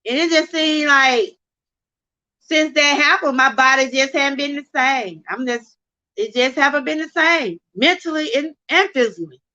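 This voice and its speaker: Her voice is high, pushed and bright at a moderate pace, with the highs cut off in the recording. A middle-aged livestream host from Georgia, USA, she gives an emotional, preacher-like testimony near tears, addressing viewers as "y'all."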